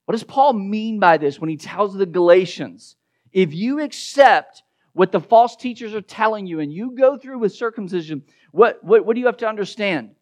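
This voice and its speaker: A man preaching an expository sermon, emphatic, often repeating words as he builds a point and dropping to a hushed low voice for the key verses. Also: lively intonation, moderate pace. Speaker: pastor.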